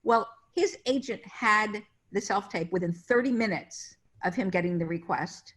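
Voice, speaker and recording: A woman's voice: mid-range voice, moderate pace, a bit bright. A middle-aged woman, a casting director, telling industry anecdotes in a casual interview over a video call. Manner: chatty anecdotes, acting out quoted voices.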